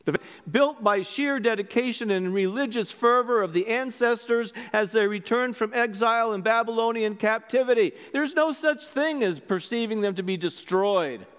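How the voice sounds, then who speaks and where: A man preaching a sermon as a priest, telling stories in an animated way and acting out their voices. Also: very high-pitched, normal speed, hardly any pauses, clean tone. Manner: animated storytelling, acts out voices. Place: church. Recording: long church reverb.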